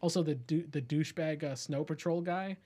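Podcast co-host, male, slightly higher pitch, loose rambling delivery, heavy cursing. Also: fairly quick, mellow, breathy edge. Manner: rambling, swears freely, acts out scenes in raised voices. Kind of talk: casual movie chat.

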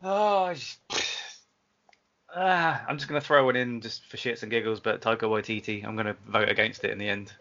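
A man's voice: lowish voice, brisk, pushed and bright. A man co-hosting a casual podcast, dry and swearing in the banter. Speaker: podcast co-host. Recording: dull lo-fi podcast audio.

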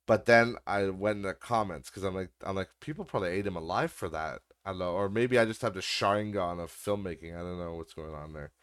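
A man's voice: deep voice, fairly quick, few pauses, fairly bright tone, smooth. A man hosting a podcast, ranting sarcastically in a casual way and swearing freely. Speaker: podcast host. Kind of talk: casual rant.

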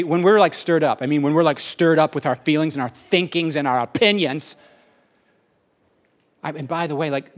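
Animated fast-talking preacher man. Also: a little high. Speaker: pastor. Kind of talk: sermon.

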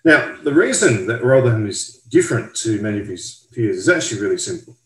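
A man talks through a Bible passage in a measured, careful teaching manner. His voice sits low. The sound rings a little off the walls of an echoey room. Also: big pitch swings. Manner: measured, careful, explaining step by step. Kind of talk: explanatory Bible study talk.

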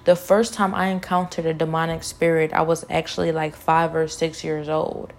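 A young woman tells a personal story with fervent, repetitive insistence. Her voice sits a little low, and she scatters "like" through her speech as she talks. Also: level tone, normal speed. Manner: fervent, repeats phrases, many "like" fillers. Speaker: vlogger sharing a personal testimony.

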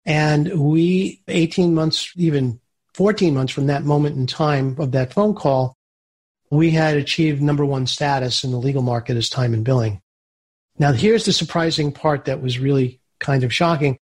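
A man, an entrepreneur and interview guest, telling business stories in a lively way. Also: on the high side, moderate pace. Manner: animated storyteller who acts out quoted voices. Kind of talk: storytelling interview answers.

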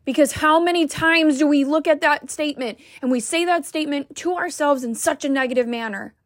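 A woman's voice: high voice, a little fast, no room sound, studio quality. A woman wellness coach giving a heartfelt, emphatic motivational talk to the camera.

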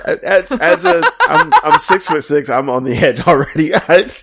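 A man's voice: fairly high pitch, wildly swooping pitch, normal speed, gravelly, fairly bright tone. Rambling man co-hosting a podcast. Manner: rambling, self-interrupting, laughs often. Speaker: podcast co-host. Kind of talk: casual chat.

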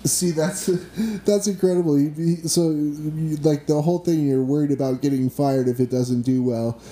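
Mellow-voiced male host, echoey room. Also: fairly high pitch, steady tone, slight background noise. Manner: filler-heavy, halting questions. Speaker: podcast host. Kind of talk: casual interview.

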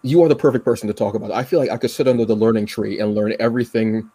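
A man's voice: lowish voice, steady tone, rapid-fire, dark tone, husky. A man hosting a podcast, chatting casually and emotionally, rambling with many restarts and fillers. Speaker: podcast host. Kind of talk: casual chat.

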